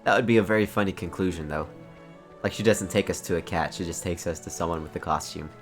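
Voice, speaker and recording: Very low-voiced woman streamer. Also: fast, soft background music. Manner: wry, chatty asides. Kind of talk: casual game stream commentary.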